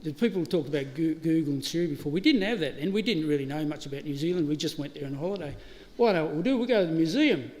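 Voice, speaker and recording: A man's voice: on the high side, lively intonation, fast talker, hardly any pauses, darkish tone. A middle-aged Australian man giving a chatty eulogy at a funeral service, telling stories with laughs and restarts. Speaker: eulogy speaker. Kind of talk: storytelling eulogy. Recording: hall reverb, live stream.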